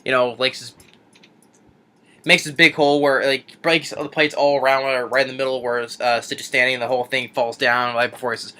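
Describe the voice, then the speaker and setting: A man reviewing an animated film, retelling the plot casually and rambling with many fillers and restarts. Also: medium pitch, normal speed, clear, resonant tone. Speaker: movie reviewer.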